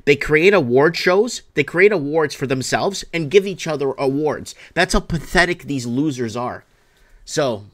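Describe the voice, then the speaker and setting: A man's voice: fairly high pitch, animated, a little slow, fairly bright tone. Brash jokey male show host. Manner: brash, jokey, insulting about opponents. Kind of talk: casual call-in show hosting.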